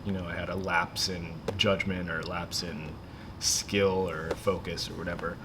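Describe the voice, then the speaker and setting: A man's voice: low-pitched, moderate pace, noisy background. A man co-hosting a podcast, chatting casually and loosely with lots of fillers. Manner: relaxed, filler-heavy, chatty. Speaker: podcast co-host. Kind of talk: casual chat.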